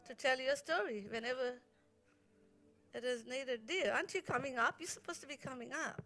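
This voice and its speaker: Woman pastor, fifties, from India, high voice, bright and tense tone, heartfelt testimony. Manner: slow, heartfelt, playful banter with husband. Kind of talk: personal testimony at church service.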